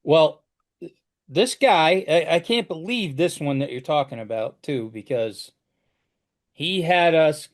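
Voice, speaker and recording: A man's voice: a little high, animated, takes it slowly. A man who works as a flooring contractor, telling job stories in a casual chat and restarting his sentences often. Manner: storytelling with frequent restarts.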